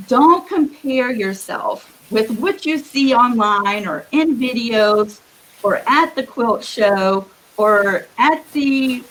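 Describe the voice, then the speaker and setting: A woman giving earnest, encouraging quilting advice as a guest on a live video call, with a husky morning voice. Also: fairly high pitch, fairly bright tone, poor audio. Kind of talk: live-streamed advice talk.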